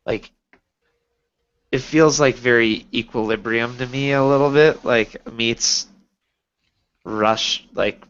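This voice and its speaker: A man's voice: mid-range voice, steady tone, takes it slowly, long pauses, a bit bright, clear, resonant tone. A man co-hosting a casual gaming podcast, who hedges his talk with lots of fillers. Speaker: podcast co-host. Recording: dull lo-fi sound.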